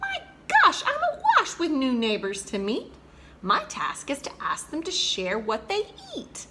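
Woman doing a squeaky fussy storybook frog, picky eater, bright voice, big swoops in pitch. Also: very animated, unhurried, slight background noise, full character voice. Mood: excited. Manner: theatrical, sing-song, raised pitch.

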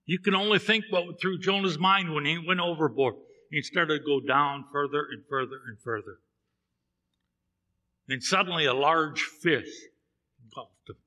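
A man's voice: on the high side, moderate pace, sharp tone, big-room sound. A man preaching a sermon in a church, telling a Bible story and acting out the characters' lines. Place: church sanctuary.

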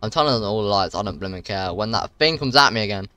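A young man giving jumpy, excitable commentary while playing a horror game for his viewers. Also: lowish voice, fast talker. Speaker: gaming channel host.

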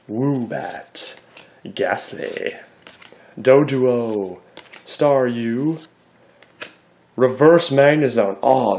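A man hosting a casual card-opening video, chatty and excitable as he reads out card names. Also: on the low side.

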